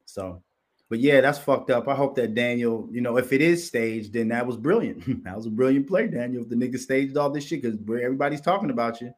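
A man's voice: mid-range voice, brisk. A man hosting a commentary show, talking in a rambling, profane monologue and slipping into mocking voices. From Minnesota, United States.

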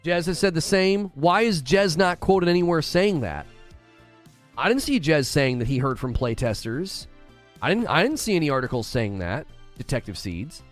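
Skeptical, animated male streamer. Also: medium pitch, moderate pace, soft background music. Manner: skeptical, argumentative, repeats words. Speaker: streamer reading chat. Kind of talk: casual live-stream chat.

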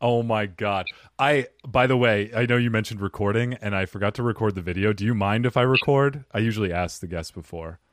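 A man hosting a podcast, relaxed and quick to laugh with his guest. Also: on the low side, noisy background. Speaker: podcast host. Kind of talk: casual podcast chat.

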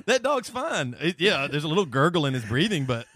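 A man's voice: a little high, very animated, fairly quick, a bit bright, dry recording. A man co-hosting a podcast, teasing his friend in casual chat and often laughing. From American South. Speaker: podcast co-host.

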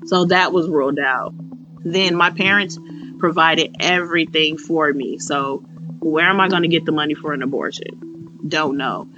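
A Chicago woman in her twenties, her voice sitting low, talks at a moderate pace as she candidly recounts her own story. She leans on fillers and speaks her former thoughts out loud, and the slightly muffled recording carries faint music behind her.

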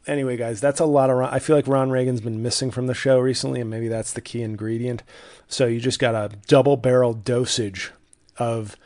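A man's voice: mid-range voice, fairly even intonation, brisk, a little mellow. A man hosting his own comedy podcast alone, talking in a sardonic, profane, self-mocking ramble from a home studio. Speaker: podcast host. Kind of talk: solo comedic podcast monologue.

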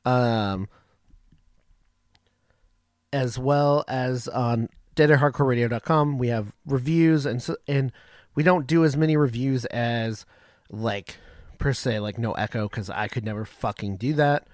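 A man hosting a radio show in a casual, rambling way, swearing freely and filling pauses with ums. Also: medium pitch, darkish tone, dry recording, studio quality. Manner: rambling, profane, lots of ums. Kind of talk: casual talk-radio intro. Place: home radio setup.

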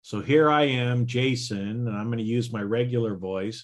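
A man hosting a self-help podcast in a casual, folksy way, checking in with listeners by asking "right?" and "okay?". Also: medium pitch. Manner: slow, repeats "right?" and "okay?"; folksy and plain-spoken. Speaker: podcast host, healing coach.

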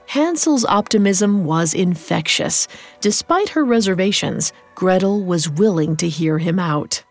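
Woman narrating a dark fairy tale. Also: lowish voice, animated, soft background music. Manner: measured dramatic reading. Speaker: podcast host and narrator. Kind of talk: scripted storytelling narration.

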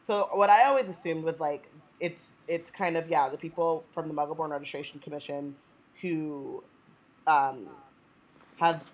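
A woman with a notably low voice talking casually on a book podcast. She thinks aloud and wanders through her points with plenty of fillers. Her tone stays loose and playful. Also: moderate pace, poor audio. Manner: rambling, filler-heavy, playful. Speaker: podcast co-host. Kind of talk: casual chat.

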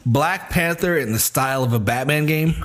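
A man's voice: fairly high pitch, normal speed, fairly bright tone. A man co-hosting a casual podcast, tossing in jokey remarks about games. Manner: playful, jokey interjections. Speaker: podcast co-host. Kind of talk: casual chat.

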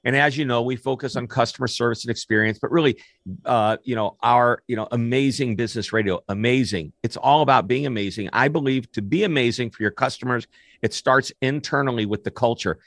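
A man's voice: medium pitch, brisk, fairly bright tone, dry recording. Male host, upbeat and chatty, dry close-miked studio voice. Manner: enthusiastic, chatty. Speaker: podcast host. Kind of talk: radio interview hosting.

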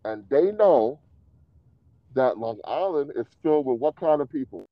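A man's voice: mid-range voice, expressive, a little slow, no room sound, muffled recording. A man arguing provocatively in a casual podcast chat, repeating his points with rising heat. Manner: provocative, heated, repetitive, laughs at own claims. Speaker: podcast co-host.

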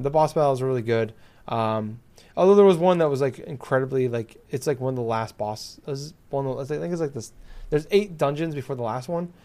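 A man's voice: mid-range voice, warm tone. Man, casual chat, exasperated profane rant, lots of fillers.

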